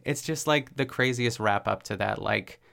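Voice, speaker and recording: A man hosting a podcast, chatting casually and rambling with lots of "like" fillers and quick laughs as he recaps a cooking show. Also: on the low side, vocal fry, a bit bright. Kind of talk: casual chat.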